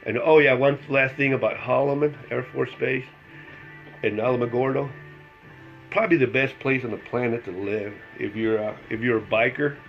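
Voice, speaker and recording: A man's voice: medium pitch, highs cut off. A middle-aged man chatting casually as he tells a personal story, laughing along and acting out what people said. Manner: chatty, laughs through his story, acts out the dialogue. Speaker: vlogger telling a personal story. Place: at home with his dogs.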